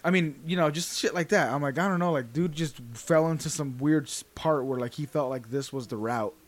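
A young man with a slightly high voice talks in a relaxed, rambling way in a casual podcast chat. He leans on filler words and casual swearing as he recounts past jobs. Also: brisk. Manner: laid-back, rambling, many fillers. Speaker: podcast co-host.

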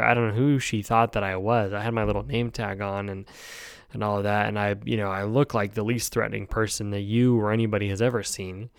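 A man, a podcast host who works in hospice care, telling a personal story in a halting, heartfelt way with many fillers and restarts. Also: fairly low pitch, fairly even intonation, vocal fry, dry recording, studio quality.

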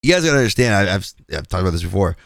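A man's voice: sits low, very animated, very fast, vocal fry, no room sound, clean studio sound. A man hosting a podcast, talking through online drama in a loose, rambling way. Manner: rambling, many fillers and restarts. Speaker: podcast host. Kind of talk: casual commentary.

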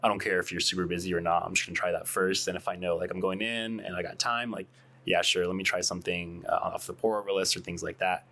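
A man's voice: low voice, fairly even intonation, fast talker, creaky, a bit bright. A man who co-owns a coffee shop, talking casually and thoughtfully as a podcast guest, often repeating a word as he starts a thought.

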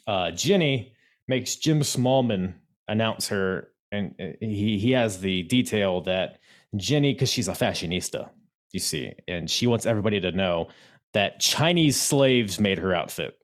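Low, lively-voiced man hosting a podcast. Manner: halting, many fillers and restarts, laughs easily. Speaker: podcast host. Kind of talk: casual wrestling chat.

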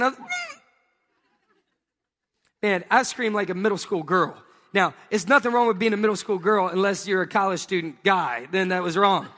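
A male pastor giving a sermon, telling funny personal stories in an animated, playful way and acting out scenes with exclamations. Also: high-pitched. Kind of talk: sermon with humorous personal storytelling. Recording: long reverb of a large hall.

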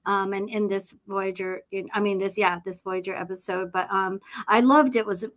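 A woman's voice: mid-range voice, fairly even intonation, moderate pace. Enthusiastic middle-aged woman chatting. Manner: enthusiastic, personal, rambling. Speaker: podcast co-host. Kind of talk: casual podcast chat.

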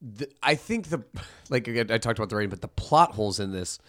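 Podcast co-host, male, lively rambling talker, casual movie chat. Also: fairly low pitch, quick pace. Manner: rambling, restarts, animated joking.

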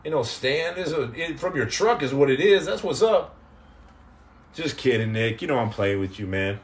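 A man's voice: medium pitch, expressive, normal speed. A man hosting a podcast live stream, casually chatting and joking sarcastically with viewers in the comments. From United States. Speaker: podcast host.

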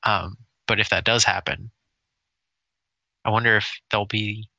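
A man co-hosting a casual chat, rambling and stumbling over his words when he gets excited. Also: fairly low pitch, measured pace, gravelly, no room sound, rough recording. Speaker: podcast co-host.

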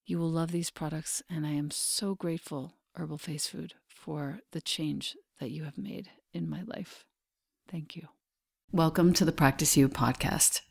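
A woman hosting a podcast, reading in a soft, earnest way with breathy, near-whispered phrases. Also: sits low, fairly even intonation, measured pace, dry recording, clean studio sound. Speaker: podcast host. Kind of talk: podcast host read and guest introduction.

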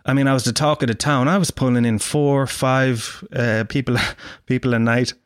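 A man's voice: medium pitch, steady tone, normal speed, clear, resonant tone, no echo, studio quality. An Irish man hosting a show, delivering a sarcastic, sweary, self-mocking comic monologue. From Ireland. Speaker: podcast host.

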